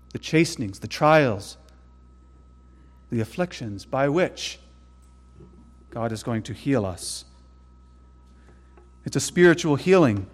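A man's voice: mid-range voice, slightly rough. Earnest preacher man in a reverberant hall. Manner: earnest, with hushed passages and sudden loud emphasis. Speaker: pastor. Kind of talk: sermon.

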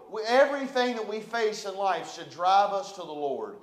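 A man's voice: sits high, sing-song, normal speed, echoey room. A man preaching a sermon as pastor, fervent and repetitive with emphatic delivery.

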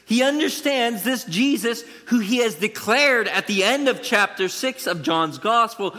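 A man's voice: very high-pitched, animated, a little slow, pushed and bright. A man preaching an expository sermon in a conversational, emphatic way, turning to the listeners with asides. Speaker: pastor. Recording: long reverb of a large hall.

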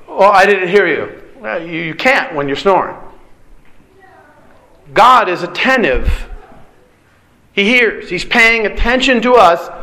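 A man's voice: high-pitched, vocal fry, pushed and bright. A middle-aged man preaching a sermon, earnest and direct, asking the congregation rhetorical questions. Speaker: pastor.

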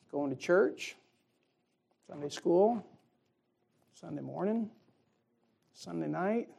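A man's voice: sits high, vocal fry, warm tone. A middle-aged male pastor preaching a sermon in a folksy, joking way, often asking the congregation "amen?". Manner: folksy, jokey preaching with call-and-response "amen".

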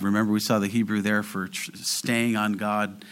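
A man's voice: on the low side, level tone, a bit bright. Earnest male preacher, swelling emphasis. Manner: earnest preaching, slows and swells on key phrases. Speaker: pastor. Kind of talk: sermon.

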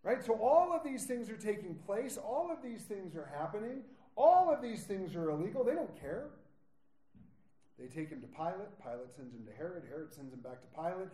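A man's voice: high voice, big pitch swings, moderate pace, echoey room. A man preaching a sermon, retelling scripture and voicing its characters with growing intensity. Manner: prays softly, then preaches with rising intensity, acting out quoted lines. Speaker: pastor.

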